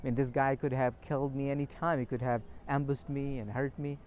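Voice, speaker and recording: A man's voice: mid-range voice, fairly even intonation, brisk, darkish tone, lightly acted. A man voicing a humble, grateful king. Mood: earnest.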